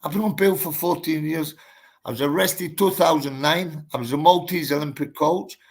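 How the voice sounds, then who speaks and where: A man's voice: fairly high pitch, moderate pace. A man, a boxer telling his story in a casual interview, blunt and emphatic, swearing and calling the listener mate and bro.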